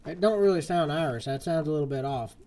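A man's voice: fairly high pitch, fast, mellow. Chatty male game streamer. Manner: chatty, swaps swears for "fudge". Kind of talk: live gameplay commentary. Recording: game music behind the voice.

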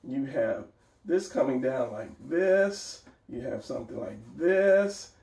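Male art teacher, casual and encouraging, gravelly, recorded off-mic in an echoey room. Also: mid-range voice, animated, slow, darkish tone. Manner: encouraging, talks while sketching, repeats phrases. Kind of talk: casual drawing tutorial. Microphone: camera mic at a distance. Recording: roomy, distant camera mic.

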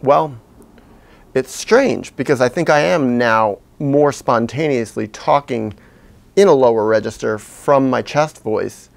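A man talking slowly and haltingly to his camera, deliberately pitching his voice low from the chest while he reflects out loud. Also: gravelly. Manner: slow, halting and self-searching, deliberately speaking low from the chest. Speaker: video blogger. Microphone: camera he is sitting in front of.

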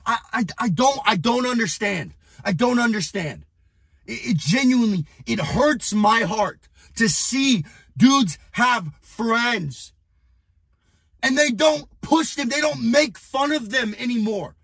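A young man coaching in an aggressive, profane motivational rant, often shouting at the viewer. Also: extremely high pitch, expressive, a little slow, creaky, husky, no echo. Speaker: business and fitness coach.

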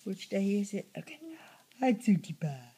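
A woman's voice: mid-range voice, very animated, normal speed, warm tone, husky. An older woman, a grandmother, talking to small children at home in a sing-song baby-talk voice, cheering and coaxing them. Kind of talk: home video, talking to little kids.

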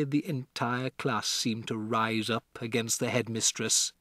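A man reading a children's novel aloud as an audiobook narrator, with expressive storytelling. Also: medium pitch, measured pace, hardly any pauses, dry recording, studio quality. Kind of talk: scripted narration.

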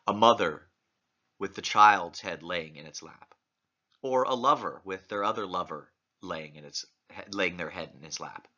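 A man's voice: lowish voice, bright, forceful tone. A man lecturing on literature, reading passages aloud and posing many questions to his listeners. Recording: muffled lo-fi recording.

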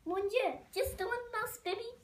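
A woman's voice: very high-pitched, normal speed, a little hiss or hum, voice pushed up. A woman voicing a vain, dramatic mother mouse with a French accent, sighing and self-pitying.

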